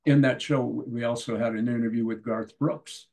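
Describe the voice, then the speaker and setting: An older man from Canada, a musician guest telling lively anecdotes in a casual interview and often acting out the people in his stories. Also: medium pitch, moderate pace, gravelly, poor audio.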